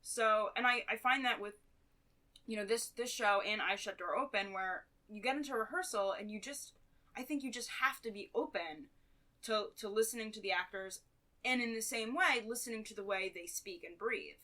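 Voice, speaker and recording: A woman's voice: medium pitch, normal speed, pushed and bright. A woman playwright chatting casually as a podcast guest, talking in long run-on stretches.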